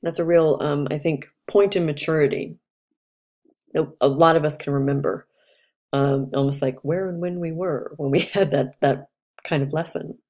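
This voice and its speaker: A woman's voice: sits low, fairly even intonation, normal speed, darkish tone. A woman astrologer giving a casual, chatty talk, reflective and loose, with fillers and restarts.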